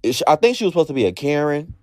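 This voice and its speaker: A man co-hosting a podcast talks very fast in a fairly high voice, with clean, echo-free studio sound and faint music behind him. He chats casually about a reality show, expressive and swearing, acting out his own reactions.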